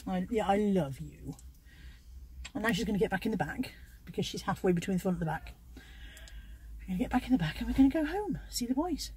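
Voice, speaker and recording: Husky middle-aged woman vlogging. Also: mid-range voice, animated, quick pace, pauses often, darkish tone. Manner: chatty, self-deprecating, talks to her dog. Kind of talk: casual vlog diary. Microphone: handheld phone camera.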